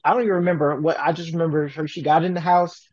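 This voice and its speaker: Animated profane man telling a story. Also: on the high side, quick pace, dry recording, muffled recording. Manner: animated, profane, acts out quoted voices. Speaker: podcast co-host. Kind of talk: casual storytelling.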